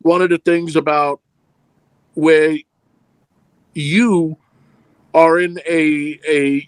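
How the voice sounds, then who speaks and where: A man's voice: on the high side, no echo. A middle-aged man, a film producer being interviewed, telling long rambling anecdotes and acting out the dialogue in them. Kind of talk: casual storytelling interview.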